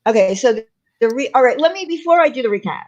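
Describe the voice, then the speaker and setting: A woman's voice: a little high, lively intonation, quick pace, lo-fi sound. A woman hosting a casual livestream, talking in a rambling way with lots of fillers and restarts. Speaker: channel host.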